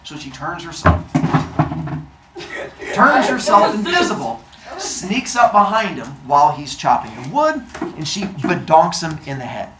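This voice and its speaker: A man's voice: fairly high pitch, wildly swooping pitch, a little slow, background noise. A man casually and playfully retelling a myth for laughs, adding silly sound effects, recorded in a roomy space. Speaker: storyteller.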